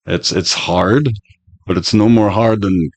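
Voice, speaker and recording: A man's voice: deep voice, a little slow. A man in his fifties talking as a podcast guest in a laid-back, rambling way, swearing freely as he muses about life. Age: 50s. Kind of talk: casual conversation, philosophical storytelling.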